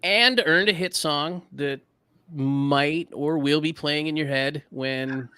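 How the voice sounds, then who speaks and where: A man's voice: a little high, slow, pushed and bright, clean tone, no room sound. A man co-hosting a comedic history podcast, telling the story in a laid-back, self-deprecating way. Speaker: podcast co-host. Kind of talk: casual comedic history chat.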